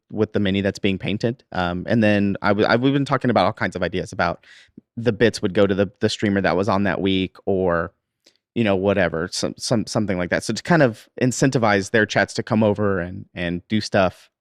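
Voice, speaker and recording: A man's voice: on the low side, fairly quick, no room sound, studio quality. A man hosting a live stream, chatting in an easygoing way and laughing often. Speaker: stream host. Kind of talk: casual livestream chat.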